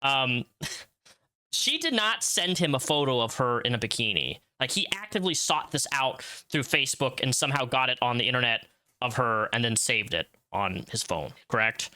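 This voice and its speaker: A man hosting a casual interview, incredulous and animated, often laughing as he questions his guest. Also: mid-range voice, moderate pace. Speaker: interviewer, channel host.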